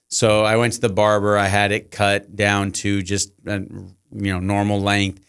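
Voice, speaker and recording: Middle-aged teacher guest, low smooth voice; chatty storyteller who plays out every exchange. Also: male voice, completely flat delivery, unhurried, fairly bright tone. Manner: long anecdotes, acting out quoted dialogue. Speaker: guest, high school teacher. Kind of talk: casual podcast storytelling.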